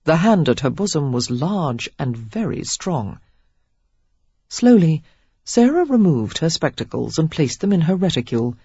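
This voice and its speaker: A woman narrating a historical romance audiobook in a measured, expressive reading. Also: low voice, husky, dry recording, dull audio. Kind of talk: scripted narration of a romance novel.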